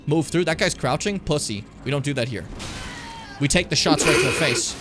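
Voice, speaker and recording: A man's voice: fairly high pitch, brisk, very noisy. A man streaming a video game with a co-host, chatting casually, cracking jokes, swearing and dropping into silly voices. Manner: animated, jokey, swears, breaks into silly impressions. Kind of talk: casual gaming stream chat.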